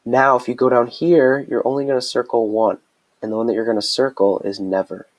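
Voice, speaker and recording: A man's voice: mid-range voice, flat delivery, brisk, low-quality recording. A man teaching a Spanish grammar lesson in a recorded screencast, chatty and explaining step by step with frequent checks.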